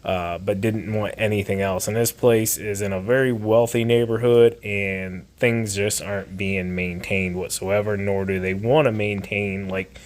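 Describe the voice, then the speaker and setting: A man's voice: on the low side, steady tone, a little slow, few pauses. A man who owns a lawn care and storage business, talking casually to camera outdoors in a rambling way with plenty of fillers. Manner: conversational, rambling with many fillers. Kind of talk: casual vlog talk to camera. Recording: loud outdoor background noise.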